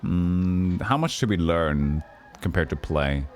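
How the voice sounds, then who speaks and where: A man's voice: slow pace, soft background music. A man streaming a role-playing game, reading its dialogue and narration aloud, lifting his voice for the characters and stumbling over words now and then. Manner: reads text aloud, voicing characters with a raised pitch, stumbles and restarts.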